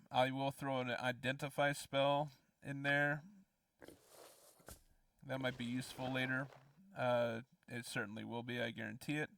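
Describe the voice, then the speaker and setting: A man's voice: mid-range voice, gravelly, fairly bright tone, far from the mic, slight background noise. A young man from the US Midwest giving casual let's play commentary, explaining as he goes with plenty of ums. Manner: rambling, explanatory, lots of ums.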